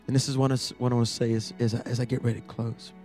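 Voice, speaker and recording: A male campus ministry preacher giving a sermon in a church, telling stories dramatically and building to loud peaks. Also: medium pitch, level tone, rapid-fire, faint music behind.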